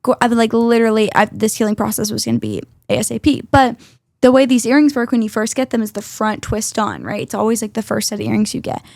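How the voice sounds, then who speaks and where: A woman's voice: fairly high pitch, expressive, fast talker, darkish tone, no room sound, studio quality. A teenage girl co-hosting a casual podcast, telling chatty stories and tagging lines with "right?" and "okay?". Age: teens. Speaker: co-host.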